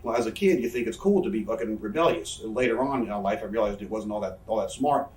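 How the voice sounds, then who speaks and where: The voice is on the low side, fast and a little mellow: a professional wrestler in his thirties guesting on a casual interview. His stories ramble, curse freely and turn the joke on himself, and the mic is far off in a roomy space.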